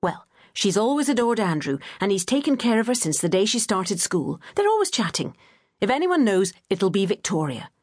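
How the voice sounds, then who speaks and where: A woman's voice: mid-range voice, sing-song, normal speed, darkish tone, no echo, studio quality. A woman narrator voicing an anxious working mother who fires off urgent questions.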